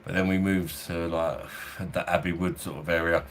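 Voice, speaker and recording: Reviewing beer on a home livestream during a heatwave, with a fan going nearby, this Londoner rambles chattily and laughs a lot in his Cockney, South East London accent. His deep voice stays level at a normal speed and sounds fairly bright, with a bit of background noise.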